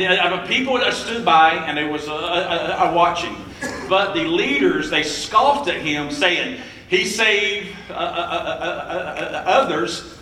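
A young male preacher delivers a sermon, reading the text in a halting way and filling pauses with sounds. His voice sits high and bright. The recording is roomy and echoey, with the mic some distance away. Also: slight background noise. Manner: halting, many filler sounds while reading.

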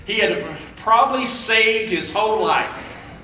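Halting preacher, bright voice, echoey room. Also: male voice, high voice, expressive, slight background noise. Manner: halting, many filler sounds while reading. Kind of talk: sermon with scripture reading. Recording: echoey room, mic at a distance.

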